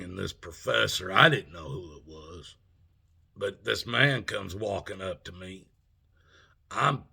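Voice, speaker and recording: Man in his 40s, vlog storyteller, low gravelly voice with a bright, husky edge, animated retelling. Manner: animated retelling, acts out both sides of the argument. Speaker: vlogger. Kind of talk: casual storytelling.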